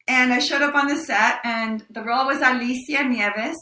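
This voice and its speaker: Older woman interviewee, bright and slightly high voice, animated storyteller, echoey room. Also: a little fast, few pauses. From El Paso, Texas. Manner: lively, laughing, acts out quoted voices. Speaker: actress interviewed.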